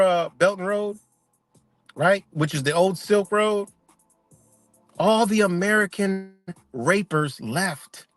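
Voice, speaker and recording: A man's voice: high voice, fairly bright tone, no echo. A man hosting a livestream, ranting casually in a profane, rambling way with many restarts. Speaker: livestream host.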